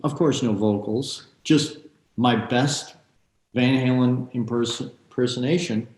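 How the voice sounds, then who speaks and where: A man guest in an interview, telling animated stories full of quoted asides and excited exclamations. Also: medium pitch, measured pace, reverberant, low-quality recording. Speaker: guest guitarist.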